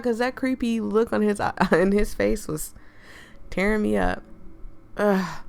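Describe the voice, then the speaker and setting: Deep-voiced chatty woman streamer. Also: unhurried, gravelly, pauses often. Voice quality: deep natural speaking voice. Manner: chatty, laughs often, reacts loudly. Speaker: game streamer. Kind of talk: playing and reading a visual novel aloud.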